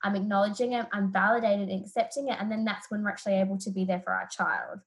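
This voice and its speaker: A woman's voice: medium pitch, fast, low-quality recording. A woman therapist with an Australian accent, talking through parenting ideas as a guest on a podcast interview and acting out scenes from her own home. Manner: reflective, animated when retelling stories.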